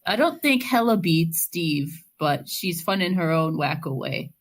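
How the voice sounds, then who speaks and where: A woman's voice: lowish voice, expressive, a little slow. A woman co-hosting a casual podcast, reading listener mail aloud with giggly, self-deprecating asides. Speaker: podcast co-host.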